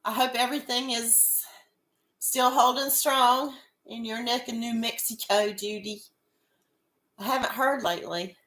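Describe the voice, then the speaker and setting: A woman's voice: fairly high pitch, fairly even intonation, a little slow, fairly bright tone, roomy sound. A woman hosting a casual livestream chat, stuffed up with a head cold, greeting viewers by name and chuckling often. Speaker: livestream host.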